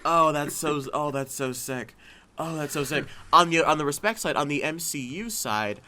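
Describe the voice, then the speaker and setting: A man hosting a casual podcast chat, excitable and often acting out scenes in voices. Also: a little high, normal speed. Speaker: podcast host.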